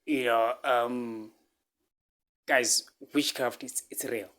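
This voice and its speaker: A man from Africa, telling a personal story to his viewers in halting speech full of fillers, restarts and repeated phrases. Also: medium pitch, fairly even intonation, a bit bright. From South Africa. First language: a local South African language. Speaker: vlogger.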